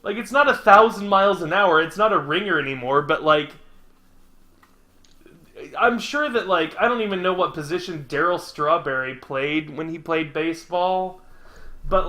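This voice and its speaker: Young dude rambling thru a game stream, bright slightly high voice, roomy echo. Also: male voice. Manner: rambling, filler-heavy, laughing storyteller. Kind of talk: casual gameplay chat. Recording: echoey room.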